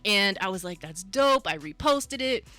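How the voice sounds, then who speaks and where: A woman hosting a casual radio talk show about mental health, chatty and quick to laugh. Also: mid-range voice, lively intonation, sharp tone, soft background music.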